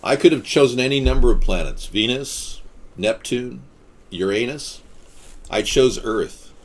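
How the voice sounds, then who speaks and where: A man hosting a casual live stream, answering viewer comments in a rambling, deadpan-joking way with quips and rants. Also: medium pitch, a little slow. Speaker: livestream host.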